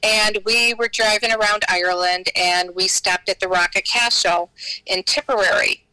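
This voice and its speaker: A woman's voice: mid-range voice, fairly even intonation, normal speed, pushed and bright, clean tone, dry recording, poor audio. An American woman, a podcast guest, telling her stories in a chatty, rambling way full of fillers and restarts. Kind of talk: casual storytelling in an interview.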